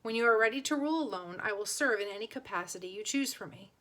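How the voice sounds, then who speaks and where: Bright-voiced woman reading a novel. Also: medium pitch, animated, quick pace. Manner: plain voices for characters, occasional stumbles and restarts. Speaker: audiobook reader.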